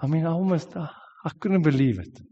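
A man's voice: a little high, a little fast, dark tone, long reverb tail, dull audio. A South African man in his forties, sick with a sore throat, telling an earnest sermon story with frequent restarts. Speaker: preacher. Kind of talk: sermon testimony.

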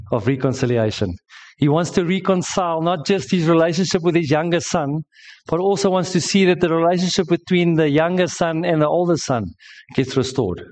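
A man's voice: fairly high pitch, darkish tone. A man preaching a sermon to a congregation. He tells stories emphatically and jokes with the listeners. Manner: storytelling, emphatic, joking with the congregation. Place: church service.

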